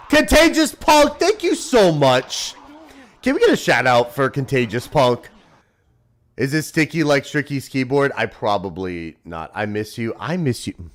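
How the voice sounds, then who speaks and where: A man in his thirties streams live and talks off the cuff to his chat. His pitch leaps wildly from booming shouts to quiet mutters, and he stays crude, rowdy, profane, and teasing the whole time.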